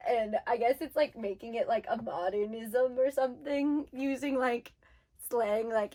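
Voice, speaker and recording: A woman talks to her camera in a casual vlog, her voice sitting a little higher than most. She rants animatedly and fills her sentences with "like". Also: unhurried. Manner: animated ranting, heavy use of "like". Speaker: book vlogger.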